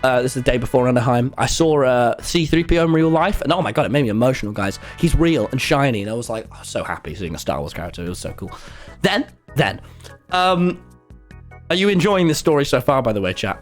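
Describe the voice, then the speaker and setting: A man, telling a story to his live chat in an excitable, rambling way. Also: mid-range voice, quick pace, faint music behind. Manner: excitable and rambling, with many restarts. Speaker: streamer.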